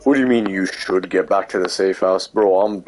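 Low-voiced male gamer, anxious live commentary, repeats phrases and mutters when sneaking, noisy home recording. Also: moderate pace. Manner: panicky, repeats short phrases over and over; drops to a hushed mutter while sneaking. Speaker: gamer playing a stealth game.

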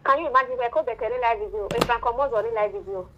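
A woman's voice: fairly high pitch, racing, pushed and bright, dull audio, slight background noise. A woman with a Nigerian accent, teasing and amused in a live video chat.

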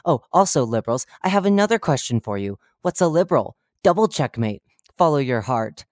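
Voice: medium pitch, fairly quick, no echo, clean studio sound, close to an everyday voice. A narrator doing Quinoa, chipper eerie radio host. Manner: chipper, chatty broadcast patter with deadpan dark jokes. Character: cheerful oblivious male radio talk-show host, eerie. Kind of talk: horror fiction reading.

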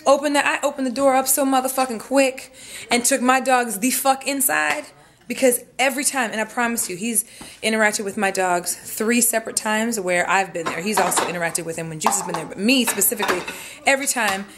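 A woman's voice: a little high, fairly quick, fairly bright tone. A woman telling a rambling, profane story in a casual vlog at home, talking straight to the camera. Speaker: vlogger. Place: home room.

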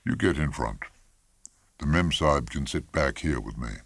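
A man's voice: extremely low pitch, animated, normal speed, a bit bright, dry recording, full character voice. A man reading a story aloud, voicing a curt, confident professional hunting guide who talks in clipped phrases. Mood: brisk. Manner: clipped, terse.

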